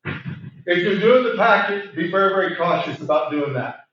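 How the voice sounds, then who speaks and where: A man leading a training session, asking the room questions and repeating words for emphasis, clearing a voice he is losing. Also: sits high, animated, moderate pace, fairly bright tone. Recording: very echoey room, distant mic, muffled.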